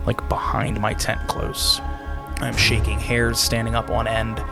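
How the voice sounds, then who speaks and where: A man co-hosting a casual podcast, telling a spooky story with dramatic pauses and swearing. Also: on the low side, flat delivery, vocal fry, over music. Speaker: podcast co-host. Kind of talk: casual chat and campfire story.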